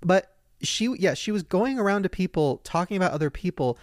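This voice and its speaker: A man's voice: high voice, a little fast, dry recording, studio quality. A man co-hosting a podcast in casual, gossipy chat, often mimicking people as he tells stories. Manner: gossipy, animated, mimics people mid-story. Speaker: podcast co-host.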